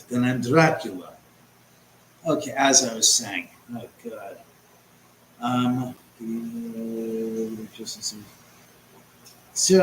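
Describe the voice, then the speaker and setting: A man's voice: medium pitch, a little hiss or hum. Rambling sarcastic man in a roomy room. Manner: rambling and sarcastic, swears often. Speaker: livestream host. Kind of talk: casual livestream chat. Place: at home.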